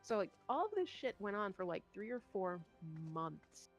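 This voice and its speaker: A young woman streamer telling a story in casual chat, animated and swearing, acting out what others said. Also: mid-range voice, a little slow, muffled recording, soft background music. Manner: animated, swearing, acts out quoted voices.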